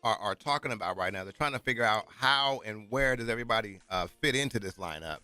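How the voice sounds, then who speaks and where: A man's voice: fairly low pitch, expressive, fast talker, bright, forceful tone, clean tone, no room sound, soft background music. A man co-hosting a sports talk radio show, chatting with enthusiastic, hometown-proud banter. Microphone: studio microphone.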